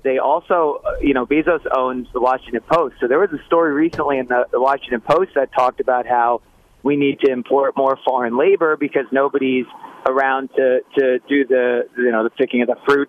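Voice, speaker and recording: A male caller to a talk radio show, speaking in a casual, musing way with some halting restarts. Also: medium pitch, steady tone, no echo. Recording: dull phone line.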